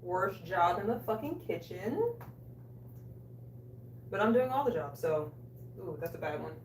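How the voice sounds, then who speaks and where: A woman's voice: on the low side, animated, unhurried, distant mic, a little hiss or hum. Woman livestreamer, profane joking cook, echoey small room, mic a bit off. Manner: loud, profane and joking with chat. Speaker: livestream host cooking. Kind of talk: casual livestream cooking chat. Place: small bathroom.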